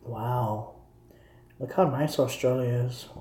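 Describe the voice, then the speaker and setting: A man's voice: mid-range voice, takes it slowly, dark tone, slight background noise. Rambling man, echoey room. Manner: rambling, repetitive, talking to viewers. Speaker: streamer. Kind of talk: casual live commentary.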